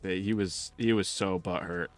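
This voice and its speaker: A man's voice: deep voice, fairly even intonation, moderate pace. A man chatting casually and profanely while streaming a video game, rambling through stories and laughing often. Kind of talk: casual live-stream chat while playing.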